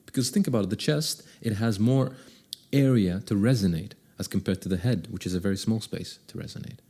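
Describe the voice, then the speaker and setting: A man's voice: fairly low pitch, a little fast, warm tone, husky. A man giving tips on speaking with a confident voice, talking straight to the listener and often shifting his pace and volume to show what he means. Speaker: voice coach. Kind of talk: direct-to-camera vocal tips.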